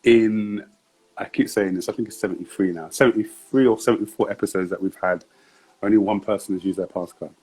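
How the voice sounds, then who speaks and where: A man's voice: fairly low pitch, fairly even intonation, a little fast, a little mellow, husky. A man hosting a live-streamed interview show, talking in an upbeat, chatty way with slang. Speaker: host.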